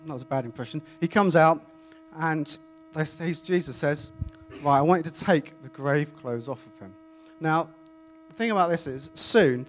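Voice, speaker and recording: Man preaching a conversational sermon. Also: on the high side. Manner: conversational, animated, self-interrupting. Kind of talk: Bible reading and informal sermon. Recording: faint mains hum.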